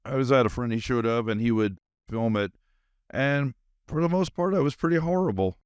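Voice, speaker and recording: A podcast host talks nonstop in a highly caffeinated solo monologue, rambling loosely and filling it with fillers. His medium-pitched voice is a little mellow and smooth at a moderate pace, with clean studio sound and no echo.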